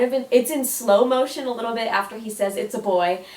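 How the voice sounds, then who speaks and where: A woman's voice: fairly high pitch, a little fast, darkish tone. A young woman vlogging a casual countdown, gushing and emotional, full of "like" and "oh my gosh.". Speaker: YouTuber. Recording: echoey room, mic at a distance.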